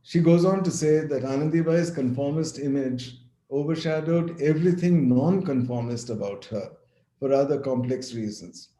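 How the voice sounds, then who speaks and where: A man giving an academic lecture over a video call, measured and partly read aloud, with a few restarts. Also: on the high side, warm tone, echoey room. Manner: measured, reads quotations with some restarts.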